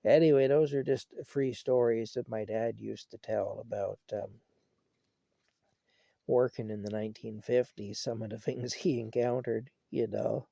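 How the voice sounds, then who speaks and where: Older guy rambling through old family stories, folksy and chuckly, gravelly voice, dry close sound. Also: medium pitch, fairly even intonation, unhurried, dark tone, dry recording. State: unwell. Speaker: vlogger. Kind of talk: casual storytelling.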